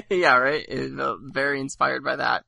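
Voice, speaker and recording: A man's voice: medium pitch, unhurried, creaky, pushed and bright, no echo. A man hosting a podcast in casual chat, rambling with lots of fillers and laughing easily. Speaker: podcast host.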